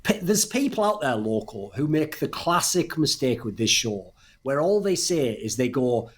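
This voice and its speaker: A man's voice: mid-range voice, very animated, moderate pace. A man co-hosting a casual esports podcast, talking emphatically and swearing freely as he argues his points. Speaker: podcast co-host.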